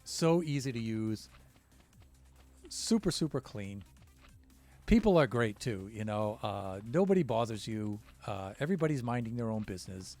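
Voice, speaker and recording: Low-voiced American man chatting to stream viewers. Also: sing-song, moderate pace, a little mellow, soft background music. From United States. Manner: rambling, with many fillers and restarts. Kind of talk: casual chat with stream viewers.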